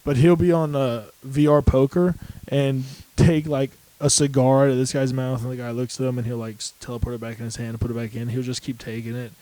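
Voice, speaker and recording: A young man co-hosting a podcast, telling laid-back stories in casual chat and mimicking other people in higher voices. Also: little pitch movement, fairly quick, dark tone, poor audio. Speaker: podcast co-host.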